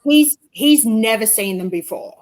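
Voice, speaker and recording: Aussie woman co-host, young, high-ish voice, animated storyteller who laughs a lot. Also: unhurried, low-quality recording. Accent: Australian. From Queensland, Australia. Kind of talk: casual chat.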